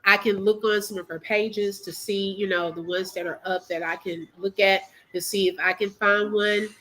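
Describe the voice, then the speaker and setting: Middle-aged woman on a livestream, emotional, bright voice, chatting with viewers and reading comments. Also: mid-range voice, steady tone, normal speed, poor audio. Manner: emotional, talks straight to viewers and reads comments. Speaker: livestream host. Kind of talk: casual livestream chat.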